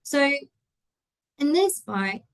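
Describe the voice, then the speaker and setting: A woman runs an online English teaching webinar. Her voice sits slightly high as she explains pronunciation patiently through a computer mic. She often stops to check on her audience. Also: very animated, drawn-out words, rough recording. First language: Spanish.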